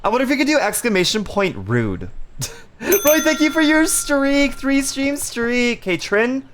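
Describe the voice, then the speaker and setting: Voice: high voice, very animated, measured pace, a bit bright, a little hiss or hum. A streamer playing a cooking game live, bantering and swearing at chat with frequent laughter.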